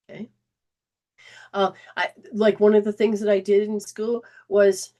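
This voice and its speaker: A woman's voice: medium pitch, normal speed. A woman hosting a spiritual self-help talk, speaking in an earnest, conversational way, often restarting sentences and briefly acting out remembered dialogue. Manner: acts out remembered dialogue in lively quoted voices. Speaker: host and spiritual healing coach.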